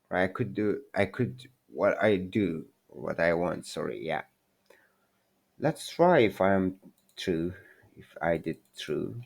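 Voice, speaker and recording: Male tutor, low voice, unhurried and self-correcting, casual lesson. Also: creaky, darkish tone. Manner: halting, self-correcting, apologetic non-native English. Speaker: language teacher. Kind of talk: informal screen-share language lesson.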